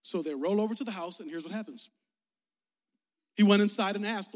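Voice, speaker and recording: A man's voice: sits high, a little fast. A young man preaching a casual, playful sermon as youth pastor, talking with his listeners. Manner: playful, conversational, engaging the audience. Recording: echoey hall.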